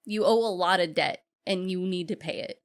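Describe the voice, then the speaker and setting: A woman co-hosting a podcast, casually recapping a horror film and acting out characters' lines in quick quotes. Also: fairly low pitch. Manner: retells scenes in quick acted-out quotes, swears casually. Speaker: podcast co-host. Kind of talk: casual movie recap chat.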